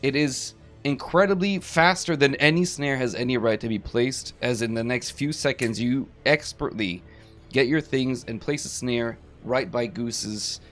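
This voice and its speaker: A man's voice: medium pitch, measured pace, a bit bright, soft background music. A man running a tabletop game as game master, describing the scene vividly.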